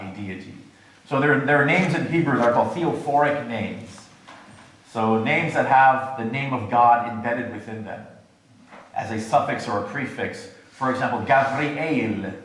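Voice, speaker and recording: A man giving a scholarly church adult education lecture, explaining words with asides and small jokes. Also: medium pitch. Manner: scholarly, jokes and laughs at his own asides. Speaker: guest lecturer. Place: large church hall. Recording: very echoey hall.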